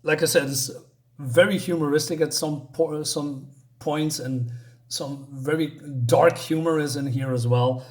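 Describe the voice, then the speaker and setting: A man's voice: a little high, fairly even intonation, measured pace. A man giving a casual spoken comic book review, rambling with lots of fillers and restarts.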